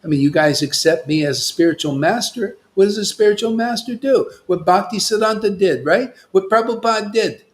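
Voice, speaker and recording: A male spiritual teacher delivering a devotional sermon with a somewhat high voice. He scolds and insists, jumping from loud, punchy declarations to low, hushed asides. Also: lively intonation, a little fast, few pauses. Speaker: spiritual master.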